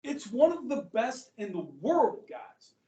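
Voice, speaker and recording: A man teaching history to a class, loose and conversational, tossing in "okay" and "guys" as he goes. His voice sits high. It is picked up from across an echoey classroom. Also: very animated, a little slow, mellow, distant mic. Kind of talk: classroom lecture.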